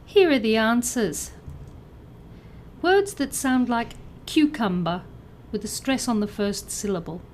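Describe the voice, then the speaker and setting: Woman teacher reading out pronunciation drills, slow and super careful, bit of faint hiss. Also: a little high, big pitch swings, a little mellow. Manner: clear, careful word-by-word enunciation. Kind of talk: scripted lesson narration.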